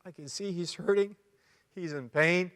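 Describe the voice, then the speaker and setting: A middle-aged Canadian man speaking as a conference speaker, telling a personal testimony with emotional pauses and restarts. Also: high-pitched, fairly bright tone. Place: large conference hall. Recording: long hall reverb.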